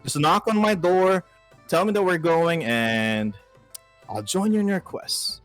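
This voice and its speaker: A bearded dwarf warrior who sounds gruff yet soft-hearted, lifting into a doting tone, as a man puts him on. Faint music plays underneath. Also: fairly high pitch, expressive, measured pace, voice pushed up.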